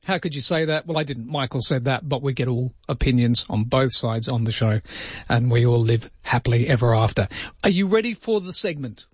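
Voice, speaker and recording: A man's voice: mid-range voice, animated, a little fast, slightly rough, no echo, highs cut off. A man hosting a radio show in casual, joking banter, teasing his co-workers. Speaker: radio host.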